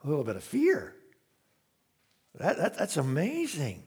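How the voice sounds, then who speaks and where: A man's voice: on the high side, huge pitch swings, measured pace, a little mellow, slightly rough. A man preaching a sermon in a conversational, humorous storytelling way, full of asides and questions to the congregation.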